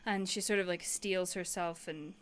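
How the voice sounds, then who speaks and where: A woman's voice: lowish voice, steady tone, normal speed, slight background noise. A woman narrating a tabletop game as game master, casual, with many fillers and restarts.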